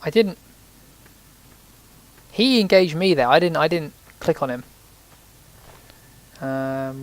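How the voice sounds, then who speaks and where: A man's voice: a little high, lively intonation, slow, pauses often. A man giving rambling, casual commentary while playing a video game, sometimes swearing when startled. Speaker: let's play host.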